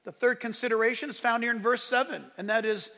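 High gravelly preacher guy, acts out stories loud, big church reverb. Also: fast talker. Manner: animated storytelling, acts out exchanges with loud outbursts. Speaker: pastor. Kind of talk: sermon. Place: church sanctuary.

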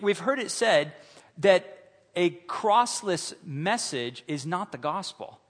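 Animated preacher man in an echoing hall. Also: high-pitched. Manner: animated, humorous, acts out voices. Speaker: pastor. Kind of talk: sermon. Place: church sanctuary.

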